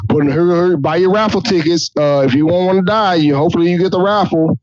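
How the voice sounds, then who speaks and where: A man's voice: high voice, quick pace, darkish tone, dry recording, highs cut off, lightly acted. A man voicing a fickle, boastful male God in casual slang, in a comedy reading. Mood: flippant.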